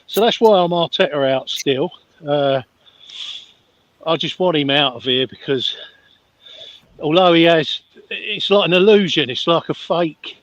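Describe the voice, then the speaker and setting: A man's voice: a little high, a little slow, long pauses, a bit bright, no room sound. A man calling in to a football fan show, bluntly opinionated and dismissive. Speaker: caller. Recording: dull dry call-in line.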